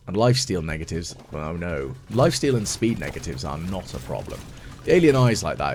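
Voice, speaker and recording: A man giving chatty ASMR gaming commentary as a let's play host, thinking aloud and mocking his own mistakes. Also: lowish voice. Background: game music.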